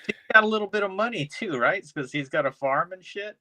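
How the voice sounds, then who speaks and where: A man's voice: sits high, lively intonation, quick pace, sharp tone. A man co-hosting a podcast, chiming in with offhand, loose remarks in a casual movie chat. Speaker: podcast co-host.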